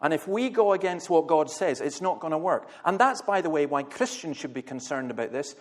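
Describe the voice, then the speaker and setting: A Scottish man in middle age preaches to a congregation, his voice pitched a little high for a man. He talks bluntly and with passion, breaking into dry humour and quick anecdotes. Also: animated. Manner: passionate, blunt, humorous storytelling. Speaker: minister. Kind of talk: church talk to a congregation.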